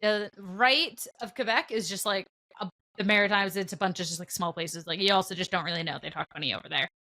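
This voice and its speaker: A young Canadian woman co-hosting a podcast, rambling in casual chat with lots of fillers and trailing off quietly. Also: medium pitch, quick pace. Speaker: podcast co-host.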